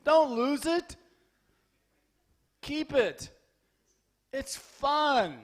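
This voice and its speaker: A man with a very high voice gives a lively sermon in a temple hall. He tells stories with humor and acts out the dialogue. Then he turns urgent and spurs his listeners to keep their enthusiasm. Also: drawn-out words. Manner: urgent and exhorting. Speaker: lecturer giving a scripture class.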